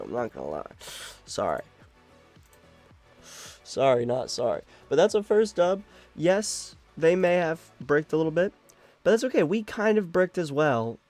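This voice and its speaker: A young man giving casual live commentary while he plays a card game, talking to himself, swearing and laughing at his luck. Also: mid-range voice. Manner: animated self-talk, swears, laughs at his own luck. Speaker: card game content creator.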